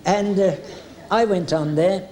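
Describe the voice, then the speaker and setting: Older entertainer, somewhat high voice, chatty anecdotal storyteller with halting fillers. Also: male voice, a little mellow. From England. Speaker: veteran music hall entertainer. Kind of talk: anecdotal reminiscing.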